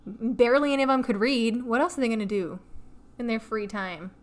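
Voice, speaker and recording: A woman co-hosting a casual podcast, telling a story in an animated way and adding playful asides. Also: on the high side, brisk. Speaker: podcast co-host.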